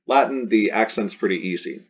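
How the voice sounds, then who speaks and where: A Latin teacher with a lowish, breathy-edged voice gives a recorded language lesson at a normal speed. He patiently repeats terms and examples and lays out rules step by step, captured on a dull lo-fi recording.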